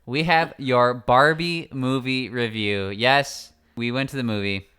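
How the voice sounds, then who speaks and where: A man's voice: mid-range voice, measured pace, sharp tone, smooth. Joking upbeat man hosting a podcast. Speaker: podcast host. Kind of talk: casual chat.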